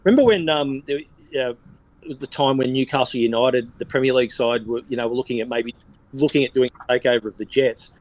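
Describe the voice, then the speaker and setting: A man's voice: medium pitch, fast, a little mellow, rough recording. A man chats as a guest on a podcast, telling stories in a loose, rambling way. He fills his sentences with ums and you-knows as he goes. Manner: rambling storyteller, many fillers. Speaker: guest, sports journalist. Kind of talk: casual podcast chat.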